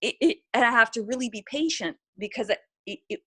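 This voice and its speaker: Bright, animated woman in conversation. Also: on the high side, fairly quick, husky. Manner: animated, restarts sentences, trails off. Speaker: guest. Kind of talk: casual podcast conversation.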